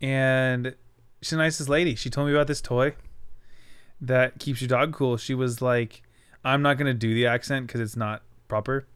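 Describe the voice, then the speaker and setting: A man's voice: medium pitch, fairly even intonation, moderate pace, a bit bright, smooth. A man hosting a podcast in casual chat, tired and laid-back, laughing easily. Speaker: podcast host.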